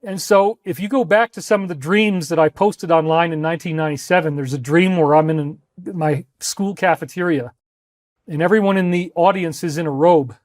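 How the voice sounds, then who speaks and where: A man with a high voice speaks with fervent emphasis and often repeats a phrase to drive it home. He addresses his listeners directly, as if giving a talk. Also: brisk, no echo, clean studio sound. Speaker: speaker in archived clips. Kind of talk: impassioned talk to viewers.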